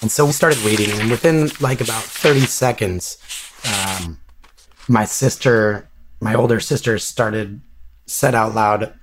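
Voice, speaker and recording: A man being interviewed, recounting a personal story in a halting, reflective way with many restarts. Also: on the low side, noisy background.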